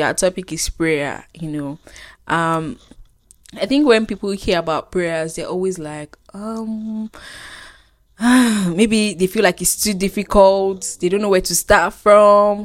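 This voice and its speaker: A young woman co-hosting a faith podcast, bubbly and earnest and quick to laugh. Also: on the low side, dry recording. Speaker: podcast co-host. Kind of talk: casual faith podcast chat.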